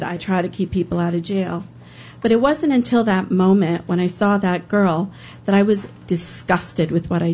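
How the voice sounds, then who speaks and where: A woman's voice: medium pitch, a little mellow, highs cut off. A woman who works as a public defender telling an emotional first-person story to an audience, acting out what others said along the way. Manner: earnest, emotional, quoting others in dialogue.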